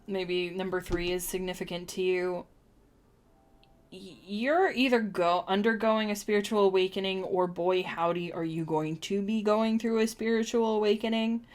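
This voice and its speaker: Lady doing a tarot reading on stream, rambly, lots of ums, mid pitch. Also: fairly even intonation, a little slow, fairly bright tone. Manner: chatty, rambling, with many ums and restarts. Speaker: tarot reader. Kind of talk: live-streamed oracle reading.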